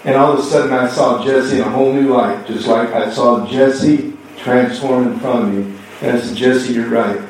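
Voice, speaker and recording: A man preaching a sermon as pastor, telling a story and acting out both sides of a conversation with lively swings in voice. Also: mid-range voice, moderate pace, a little hiss or hum. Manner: animated storytelling, acting out dialogue. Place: church sanctuary. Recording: echoey hall from far off.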